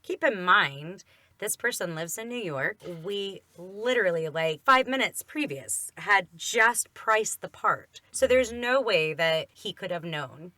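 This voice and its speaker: Bright-voiced woman telling a faith story. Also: medium pitch, expressive, measured pace, dry recording. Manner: earnest, emphatic storytelling. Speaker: podcast co-host.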